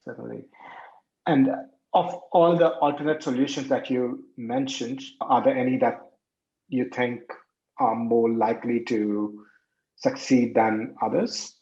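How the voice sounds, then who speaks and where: A man's voice: mid-range voice, fairly even intonation, a little slow, a little mellow. A man hosting an interview podcast, asking brief, plain questions. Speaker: podcast host. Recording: echoey room, dull lo-fi sound.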